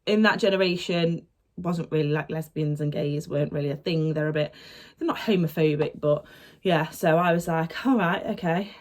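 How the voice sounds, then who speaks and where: Sitting low in pitch at a moderate pace, this young vlogger's voice carries a chatty personal anecdote told straight to camera, with quoted lines acted out as she animatedly recounts it.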